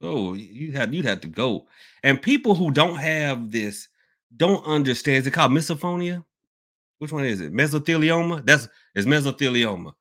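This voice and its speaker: A man with a drawl hosts a loose, open-topic podcast Q&A. He rambles and gets animated, jumping from loud outbursts to low mutters in a mid-pitched voice. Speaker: podcast host. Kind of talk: casual live Q&A chat.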